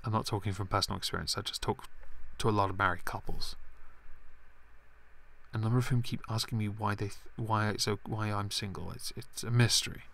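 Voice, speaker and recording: Rambling man, low voice. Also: fairly even intonation, brisk, gravelly, fairly bright tone. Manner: rambling, sarcastic, self-deprecating asides. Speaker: live stream host. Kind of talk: casual political commentary stream.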